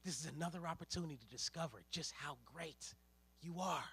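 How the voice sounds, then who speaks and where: A man preaching a sermon as a ministerial intern, in a lively, conversational way with slang and storytelling. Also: a little high, a little fast, slightly rough.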